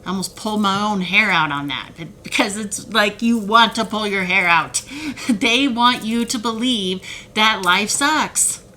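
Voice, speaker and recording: A woman talking straight to the camera about manipulation in a heated, animated way, sometimes mocking the voices of others. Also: mid-range voice, measured pace, a little hiss or hum, poor audio. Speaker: self-help video creator. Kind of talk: emotional direct-to-camera talk.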